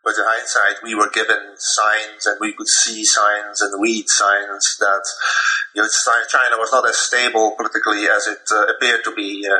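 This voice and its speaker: An older man from the Netherlands talks through his memories as an interview guest. His voice is very bright and a little low, and he speaks haltingly, full of fillers and false starts. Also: level tone, rough recording. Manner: halting, many fillers and restarts. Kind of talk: recounting memories in conversation.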